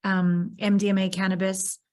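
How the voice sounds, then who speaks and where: Woman podcast host, candid, expressive, mid-range voice. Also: medium pitch, normal speed. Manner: expressive, acts out her own reactions in animated bursts. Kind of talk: candid conversational interview.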